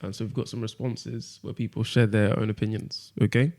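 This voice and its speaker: A man's voice: fairly low pitch, fairly quick, vocal fry. Young man hosting a podcast. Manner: steady, persistent questioning. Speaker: podcast host leading discussion. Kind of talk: casual podcast chat.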